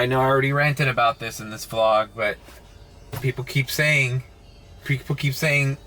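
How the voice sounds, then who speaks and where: A rideshare driver vlogger, short on sleep, rants sarcastically to camera from his car parked at a charging station at night, in the early morning hours. His medium-pitched voice sounds pushed and bright, and he swears freely in this casual vlog.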